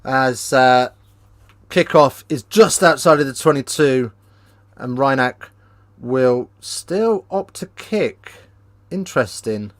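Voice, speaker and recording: A man hosting a live rugby watchalong, chatting casually with viewers and breaking into excited play-by-play. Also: medium pitch, slow pace, dry recording. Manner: casual, banters with live chat, lifts into excited play-by-play on tries. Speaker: watchalong host. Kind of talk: live watchalong commentary and chat.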